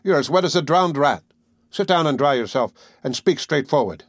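A man's voice: on the high side, lively intonation, moderate pace, no room sound, clean studio sound. A man reading aloud voices a village innkeeper who speaks firmly and plainly. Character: firm, conciliatory male village innkeeper.

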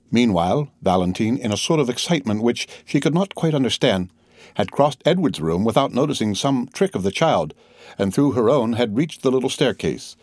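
A man narrating a classic novel as an audiobook in a steady, measured way. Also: mid-range voice, no room sound, studio quality.

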